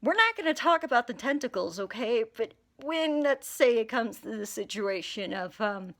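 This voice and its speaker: Woman, casual rambling chat, lots of fillers and giggles, swears freely; slightly high voice. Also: animated, normal speed, a bit bright. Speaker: character creator.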